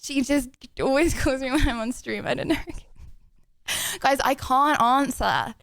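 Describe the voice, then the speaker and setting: A woman's voice: high voice, vocal fry, a bit bright, dry recording. A young woman streaming live, chatting in a rambling, giggly way. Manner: giggly, rambling, talks fast. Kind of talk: casual live-stream chat.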